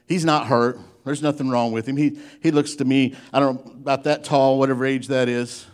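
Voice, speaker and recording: A man preaching a sermon, telling a folksy story in an animated way and often breaking off to restart his sentences. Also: mid-range voice, brisk. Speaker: pastor.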